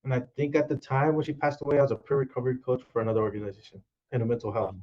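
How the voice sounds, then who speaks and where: A man in his thirties tells his own story as a podcast guest, slipping into the voices of the people he quotes. His voice sits at an ordinary pitch. The recording sounds a little dull and lo-fi. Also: rapid-fire. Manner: animated retelling with quoted dialogue. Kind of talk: storytelling in casual conversation.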